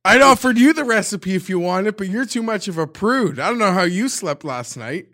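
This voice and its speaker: A man co-hosting a sports podcast, ranting in a profane, heated way that swings into shouting. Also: high voice, animated, fairly quick, no room sound, clean studio sound. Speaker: podcast co-host. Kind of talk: casual sports podcast chat.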